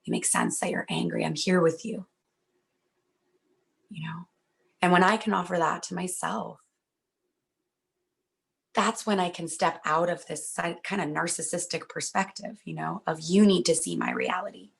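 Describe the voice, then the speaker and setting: Young woman speaker, reassuring and earnest, husky gravelly low voice. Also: fairly even intonation, a little slow, long pauses. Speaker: workshop speaker. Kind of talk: talk at a virtual event.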